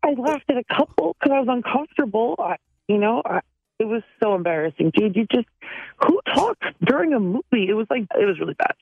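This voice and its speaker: A woman's voice: on the high side, sing-song, brisk, vocal fry, husky, no echo. A woman calling in to a radio show, talking bluntly and sounding exasperated. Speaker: radio caller. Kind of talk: phone-in radio chat. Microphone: telephone. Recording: tinny phone line.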